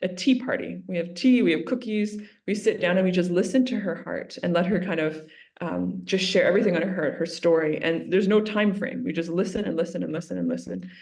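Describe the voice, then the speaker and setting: A woman, a religious sister, talking earnestly in an interview and retelling a story with lively quotes. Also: fairly low pitch, a little fast.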